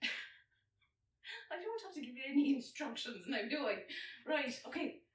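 An Irish woman doing a whispered role-play, soft and breathy, awkward and self-mocking as she keeps stopping to chat. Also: high-pitched, big pitch swings, unhurried, slight background noise.

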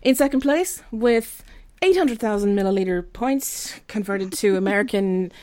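A woman's voice: mid-range voice, expressive, moderate pace, noisy background. A woman hosting a comedy podcast, giggly, crude and rambling as she chats with her guests. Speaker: podcast host. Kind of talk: casual comedy podcast chat.

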